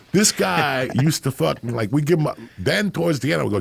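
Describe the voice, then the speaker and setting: A middle-aged man telling a rough, profane story as a podcast guest. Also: a little high, animated, quick pace, few pauses, dry recording.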